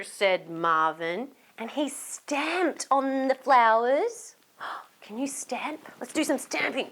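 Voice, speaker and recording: A woman from Australia reading a storybook aloud to young children, animated and inviting them to join in. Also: sits high, takes it slowly.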